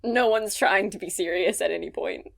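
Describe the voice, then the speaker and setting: A woman's voice: lowish voice, normal speed, vocal fry, a little hiss or hum. Laughing, rambling podcast co-host, woman. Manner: rambling, laughs often, self-mocking. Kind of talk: casual podcast chat.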